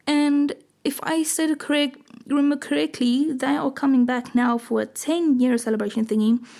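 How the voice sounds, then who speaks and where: A woman's voice: on the high side, warm tone. A woman reading a graphic novel aloud in a casual, giggly way, with chatty, self-mocking asides. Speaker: comic book reader. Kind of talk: casual read-along with commentary.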